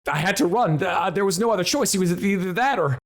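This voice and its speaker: A man doing a frightened young soldier in a tabletop game, with a voice pushed higher than his own. He stammers, trips over his words and repeats himself in nervous bursts. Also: lively intonation, quick pace. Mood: shaken. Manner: stammering, panicky repetition. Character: terrified young male guard, shaken and stammering.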